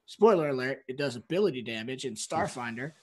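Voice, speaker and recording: A man's voice: mid-range voice, animated, a little fast, a little mellow, husky. A man playing a tabletop game, eagerly reading his spell rules aloud. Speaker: player.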